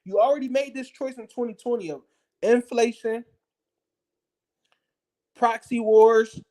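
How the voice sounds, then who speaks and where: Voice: medium pitch, fairly even intonation, unhurried, warm tone. A speaker delivering a blunt, profane, heated political rant straight to viewers, hammering the same points over and over. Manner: blunt, profane, combative, repetitive. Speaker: political commentator. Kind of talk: heated ranting monologue.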